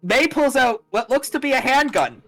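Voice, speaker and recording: A young man narrating as game master in a tabletop game, casual and halting, with many fillers and restarts. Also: very high voice, expressive, fairly bright tone, soft background music, poor audio. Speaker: dungeon master.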